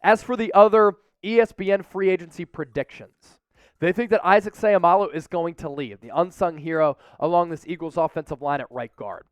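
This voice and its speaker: A man's voice: high voice, fairly quick, smooth, no room sound. A man hosting a sports show, giving upbeat, opinionated commentary and rattling off stats.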